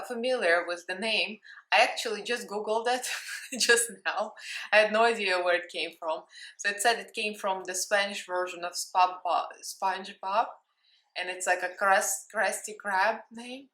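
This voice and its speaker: A woman with a Russian accent talks casually and playfully, giggling between thoughts as she hosts a makeup tutorial. Her voice is bright and forceful. The room around her adds a noticeable echo. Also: mid-range voice. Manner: bubbly, chatty, playful and giggly. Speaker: makeup vlogger.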